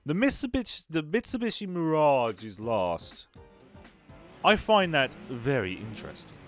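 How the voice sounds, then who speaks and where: Slightly high and a bit bright, this young man's voice moves through big pitch swings at a measured pace. He's a gaming YouTuber giving laid-back, wry commentary on a racing game and chatting with viewers live, with game music and engine sounds in the background.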